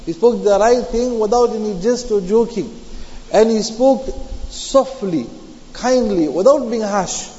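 A man's voice: high voice, measured pace, dark tone. A male preacher giving a sermon that explains Quranic commentary, repeating his key phrases and weaving Arabic terms into his English. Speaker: Islamic preacher. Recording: dull lo-fi sound with long hall reverb.

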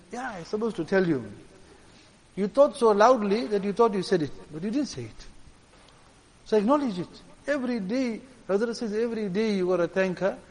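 A male preacher with a notably high-pitched voice delivers an earnest, emphatic sermon. He drives his points home by repeating phrases. His voice rings with a long reverb, as if it were recorded in a large hall. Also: a little mellow. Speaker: religious preacher.

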